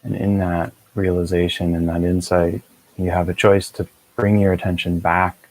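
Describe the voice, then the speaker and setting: A man with a very low voice leads a guided meditation, calm and measured. His delivery stays flat and even, with little rise or fall. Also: low-quality recording. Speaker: meditation teacher.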